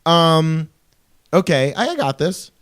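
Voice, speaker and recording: A man's voice: on the high side, very animated, slow pace, a bit bright, smooth. A man co-hosting a podcast in casual comedic chat, joking, swearing and slipping into silly bits. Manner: jokey, profane, breaks into silly bits. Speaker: podcast co-host.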